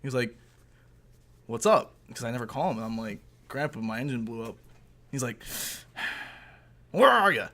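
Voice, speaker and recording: Bright-voiced young man telling a story. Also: mid-range voice, moderate pace, pauses often. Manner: animated, profane, laughs mid-story. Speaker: podcast co-host. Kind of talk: casual storytelling chat. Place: indoor recording room.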